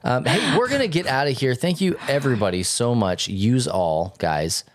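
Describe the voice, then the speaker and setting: A young man co-hosting a casual podcast, talking in an animated, jokey way with quick asides. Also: mid-range voice, no echo, clean studio sound. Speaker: podcast co-host.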